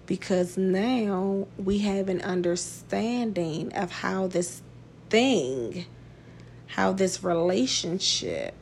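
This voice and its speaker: A woman talks through a casual podcast monologue, blunt and profane, laughing often. Her voice has a gravelly rasp and she takes her time. A faint hiss sits under the recording. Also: medium pitch, expressive, slow pace, a little mellow. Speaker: podcast host.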